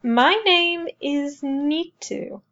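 A woman's voice: high voice, a bit bright, dull audio, voice pushed up, exaggerated voice. Woman voicing a solemn, fierce old woman elder. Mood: warm, fierce. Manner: slow, solemn intoning. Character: wise, fierce old woman elder who gives blessings.

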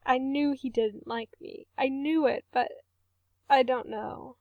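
A woman's voice: sits high, fairly even intonation, slow, dry recording, phone-quality sound. Woman reading as a heartbroken young man. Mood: tearful. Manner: soft, quiet, breaking voice. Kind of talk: audiobook reading.

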